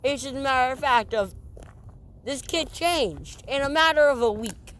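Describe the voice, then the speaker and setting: A woman's voice: sits high, expressive, normal speed, a bit bright. A teenage girl hosting a casual podcast with a friend, rambling with lots of restarts and giggles. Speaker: podcast host. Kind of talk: casual chat between friends. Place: outdoors. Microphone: phone. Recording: faint outdoor background noise.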